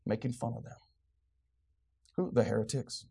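A man's voice: medium pitch, steady tone, normal speed, gravelly, dark tone, breathy edge. A man preaching a sermon in a church, fervent and sarcastic and quizzing his congregation. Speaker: pastor.

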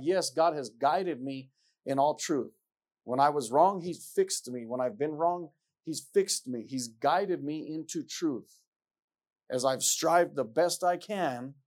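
A man's voice: mid-range voice, darkish tone. A man preaching a sermon, reading scripture aloud and pressing his points with repetition and rhetorical questions. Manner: emphatic, repeats lines, asks rhetorical questions; reads scripture aloud in King James wording.

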